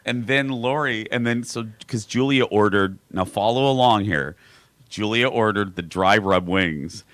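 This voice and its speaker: Male talk radio host, Minnesota accent, bright and dry-sounding, chatty storyteller. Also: lowish voice, measured pace, dry recording. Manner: animated anecdote teller, laughing. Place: live broadcast studio.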